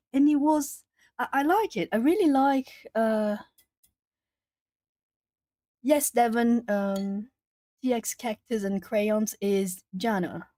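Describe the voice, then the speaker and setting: A woman's voice: mid-range voice, dark tone, no room sound. Chatty Brazilian-born woman streamer. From southern Brazil. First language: Portuguese. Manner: chatty, rambling with frequent fillers and laughs. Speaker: art livestream host. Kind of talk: casual chat with live chat.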